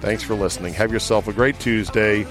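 A man's voice: fairly low pitch, fairly even intonation, fairly quick, music in the background. Wisecracking male podcast host. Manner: wisecracking, swears freely. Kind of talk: casual sports chat. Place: in a van at night.

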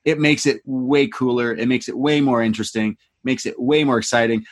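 A man's voice: medium pitch, a little fast. A man co-hosting a podcast, casually and animatedly retelling a wrestling show and acting out the wrestlers' lines. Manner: animated retelling, quotes the wrestlers in changed voices. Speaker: podcast co-host.

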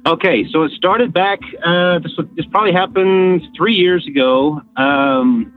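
A man's voice: a little high, a little slow, no room sound, faint music behind. A middle-aged man from Texas calling in to a talk show, telling a story with many restarts and fillers. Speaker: caller. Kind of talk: call-in storytelling. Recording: tinny phone line.

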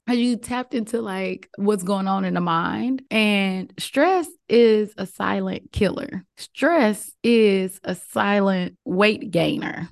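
A woman co-hosting a podcast, chatting casually and telling stories with playful acted-out voices. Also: mid-range voice. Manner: animated storytelling, acts out voices. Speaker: podcast co-host. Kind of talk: casual chat.

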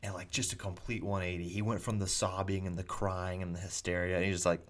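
A man, a preacher hosting his own vlog, telling anecdotes in a chatty, animated way with frequent restarts. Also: sits low, fast, creaky, hardly any pauses. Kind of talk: casual anecdotal storytelling.

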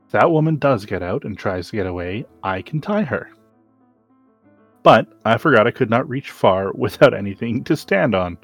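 A man hosting a podcast, giving a dramatic reading of a classic story with slow, deliberate delivery and sudden emphatic rises. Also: fairly low pitch, animated, no room sound, faint music behind. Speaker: podcast host reading aloud.

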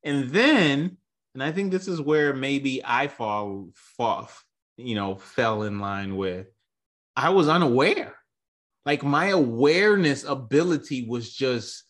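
A man co-hosting a podcast, reflecting on himself in a halting, searching way with restarts. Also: medium pitch, fairly bright tone. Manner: reflective, halting, thinks aloud. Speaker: podcast co-host. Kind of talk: podcast conversation.

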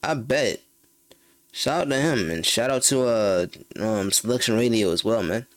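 A man co-hosting a music podcast, trading relaxed, animated banter. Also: medium pitch, moderate pace, no echo. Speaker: podcast co-host. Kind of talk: casual chat.

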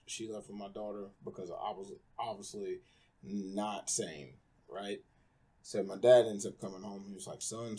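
A man's voice: lowish voice, a little mellow, slightly rough. A man candidly telling his personal story in a conversation, rambling with lots of fillers. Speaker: guest.

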